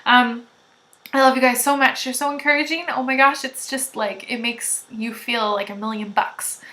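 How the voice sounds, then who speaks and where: A woman hosting a knitting podcast, chatting loudly to viewers in a gushing, rambling way. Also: a little high, steady tone, moderate pace. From Canada. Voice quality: loud. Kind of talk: casual chat to viewers.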